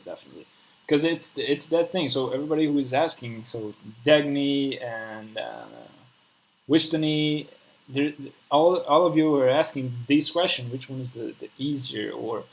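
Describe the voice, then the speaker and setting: A man's voice: mid-range voice, normal speed, a bit bright, low-quality recording. Hesitant man with a mid-range voice. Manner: hesitant, many fillers and restarts. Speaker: live stream host. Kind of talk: casual conversation.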